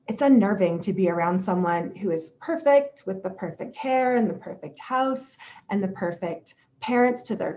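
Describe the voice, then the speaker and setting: A woman speaking in a gentle, reflective and steady way, giving a calm self-help talk about self-compassion. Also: mid-range voice. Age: adult parent. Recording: slightly dull lo-fi audio.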